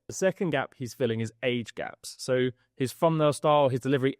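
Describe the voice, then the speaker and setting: Lively man reading his newsletter. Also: a little high, no echo, clean studio sound. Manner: lively, jokey asides, laughs often. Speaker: host. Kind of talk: podcast reading of a newsletter email.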